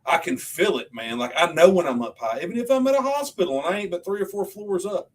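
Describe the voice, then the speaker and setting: Profane, animated man telling stories. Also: a little high, fast talker, hardly any pauses. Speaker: podcast co-host. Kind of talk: casual podcast chat.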